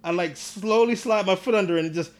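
A man's voice: high-pitched, fast talker. A man telling a story in a casual podcast chat, acting out the people in it and laughing often. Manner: animated, acts out the people in his stories, laughs often.

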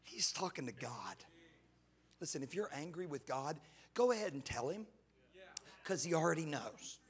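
A male guest pastor preaching a sermon in church, animated and joking, with casual slang. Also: a little high, moderate pace, breathy edge. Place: church sanctuary.

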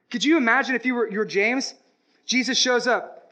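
Guy preaching a sermon, really high voice, goes quiet then loud, bright tone. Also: big pitch swings, normal speed. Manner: dramatic preaching, swings from hushed to loud. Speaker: pastor.

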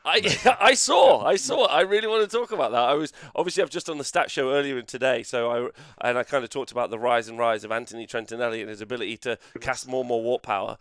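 A man's voice: medium pitch, fast talker, hardly any pauses, a bit bright, smooth, no room sound. A man hosting a casual podcast chat, joking around and laughing often. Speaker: podcast host.

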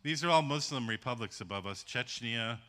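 A man's voice: mid-range voice, expressive, fairly quick, pushed and bright. A man missionary preaching in a folksy, casual way and often saying "man.". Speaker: missionary guest speaker. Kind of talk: sermon.

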